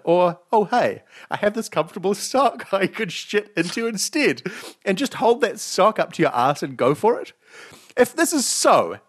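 Male talk host, lively swooping delivery, comedic mock outrage. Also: high voice. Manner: animated, laughing, mock-outraged. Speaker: show host. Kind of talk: casual comedic chat and news reading.

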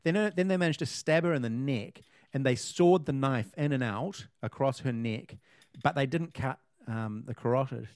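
A man's voice: mid-range voice, normal speed, a little mellow, no room sound. A man, co-hosting a casual chat and rambling with lots of fillers and restarts. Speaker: podcast co-host.

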